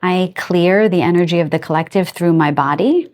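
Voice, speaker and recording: Gentle, rambling woman card reader. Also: lowish voice, normal speed. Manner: gentle and affectionate, often laughing softly; loose and rambling, trailing off and restarting. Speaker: tarot and oracle card reader. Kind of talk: casual spoken card reading to viewers.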